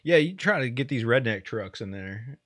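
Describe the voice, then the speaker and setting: A man chatting on a casual comedy podcast in an easygoing way, quick to agree and riff. His pitch moves lively up and down. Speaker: podcast co-host.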